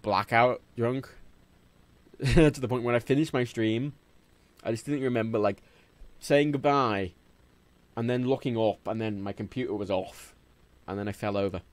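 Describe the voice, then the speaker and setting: A young English man with a faint Liverpool twinge, rambling and swearing freely as he chats on a gaming livestream. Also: on the low side. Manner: rambling, swears freely, jumps between topics. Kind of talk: casual gaming livestream chat. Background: faint game music.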